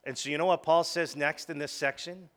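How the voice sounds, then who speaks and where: A man delivers a lively sermon to a congregation in a church hall. His voice sits a little high for a man, and he swings from hushed asides to loud calls as he leads the room in call-and-response. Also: a little fast. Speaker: pastor.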